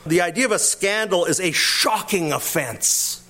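Male pastor, somewhat high voice, emphatic teaching delivery with rhetorical questions. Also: animated, a little slow, bright, forceful tone. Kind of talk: expository sermon.

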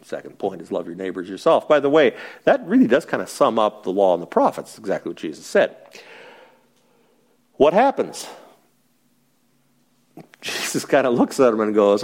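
A man's voice: fairly low pitch, normal speed, long pauses. Middle-aged preacher guy, chatty bible study, voice swings up and down a lot, cracks jokes. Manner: lively, joking, asks the group questions. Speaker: pastor teaching a Bible study. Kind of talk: conversational Bible teaching with congregation interaction.

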